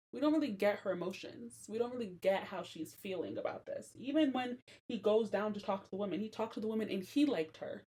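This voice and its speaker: A young woman hosting a podcast, giving casual commentary on a Bible story, animated and slangy and laughing often. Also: mid-range voice. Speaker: podcast host.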